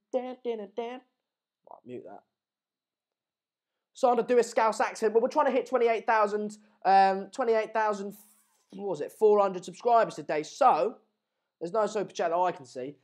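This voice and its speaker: A man's voice: high voice, moderate pace, pauses often. A young man hosting a live football match stream, chatting casually and energetically in a rambling, self-mocking way.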